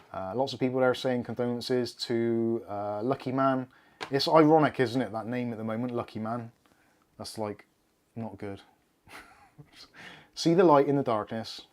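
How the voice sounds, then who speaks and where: A man's voice: medium pitch, a little mellow. A man with a Bristol accent hosting a casual tech livestream from his desk, joking and swearing freely as he chats. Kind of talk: casual live-stream chat. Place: indoors at a desk with laptop and cameras.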